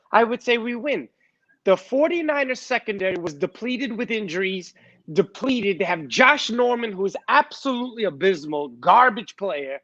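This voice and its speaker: A man's voice: high voice, sharp tone, no room sound, lo-fi sound. A man co-hosting a sports podcast, blunt and dismissive, swearing as he sizes up players. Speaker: podcast co-host. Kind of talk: casual sports chat.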